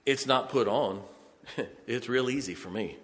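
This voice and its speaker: A man's voice: medium pitch, measured pace, a bit bright, in a large hall. A man preaching a sermon in a folksy way, often chuckling and checking on his congregation.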